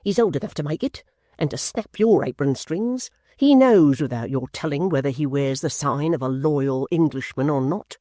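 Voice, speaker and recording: A cold stranger speaks curtly and with command, clipped and loud, as an audiobook narrator puts him on. The voice is mellow and dry, close to the microphone. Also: mid-range voice, animated, moderate pace, no echo, close to an everyday voice. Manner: cold, curt. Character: cold, commanding man in a coach.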